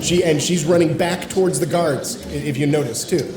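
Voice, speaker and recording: A man's voice: fairly high pitch, moderate pace, reverberant, crowd noise. A man in his forties, co-hosting a casual podcast, talking earnestly and reflectively with casual swearing. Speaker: podcast co-host. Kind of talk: casual chat.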